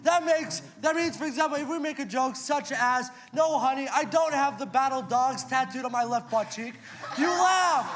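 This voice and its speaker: A young man steps up to explain his team's scene with tongue-in-cheek formality. His voice sits very high for a man. He keeps a joking, stiff tone. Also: normal speed, a bit bright. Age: young adult. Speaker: team member introducing a scene. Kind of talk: comic stage introduction.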